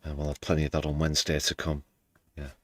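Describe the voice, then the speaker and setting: British male streamer, sardonic commentary, bass-deep voice, dead dry mic. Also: monotone, racing, fairly bright tone, dry recording. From United Kingdom. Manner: wry, sarcastic asides. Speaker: livestream news host. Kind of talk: casual political commentary.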